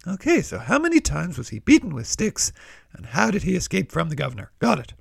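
An eager little sidekick, as a man puts him on, chirps his replies in a high voice that leaps up and down. The sound is gravelly and husky. Dry, close recording. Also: wildly swooping pitch, fairly quick, dry recording, exaggerated voice. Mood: cheery. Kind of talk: children's Bible lesson.

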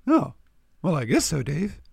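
A friendly young male cow, with a high, bouncy voice that jumps around a lot. There is a light rasp in it, and he asks his questions in an eager, easygoing way. The sound is close and dry. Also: huge pitch swings, measured pace, no echo, heavily acted. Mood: curious. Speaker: co-host puppet character.

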